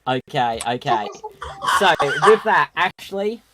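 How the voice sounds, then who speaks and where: A man's voice: a little high, very animated, slow pace, very noisy. Guy hosting an online improv show, upbeat, laughs a lot, keeps things moving. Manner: upbeat, keeps the game moving, chuckles often. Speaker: host.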